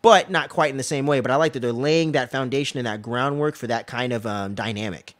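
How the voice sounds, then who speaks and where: A man's voice: mid-range voice, fairly quick, no echo. Slangy, profane man, dry close sound. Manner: slangy, profane, animated retelling. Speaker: podcast host. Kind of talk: casual recap chat.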